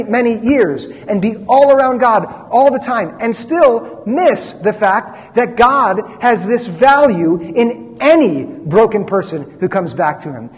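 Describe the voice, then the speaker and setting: A young man preaching a sermon as a pastor, earnest and emphatic with frequent repetitions. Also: high voice. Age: young adult. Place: church sanctuary. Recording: church hall reverb.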